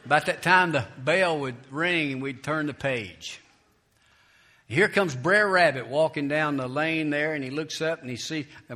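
Animated, bright-voiced male pastor. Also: mid-range voice. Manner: animated, building to loud emphatic peaks. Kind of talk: sermon with storytelling and prayer.

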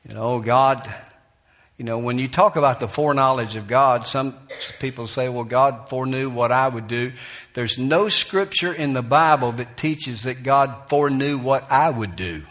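Folksy preacher telling a story. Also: male voice, mid-range voice, moderate pace. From Alabama, US. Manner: storytelling, folksy, with soft laughs and sudden preacherly lifts. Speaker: pastor. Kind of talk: sermon. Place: church.

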